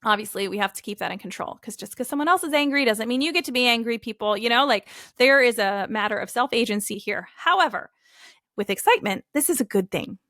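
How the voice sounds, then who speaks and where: A woman's voice: on the high side, expressive, quick pace, a bit bright, dry recording, clean studio sound. A woman in her thirties hosting a casual solo podcast, upbeat and chatty, often acting out what her family says. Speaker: podcast host.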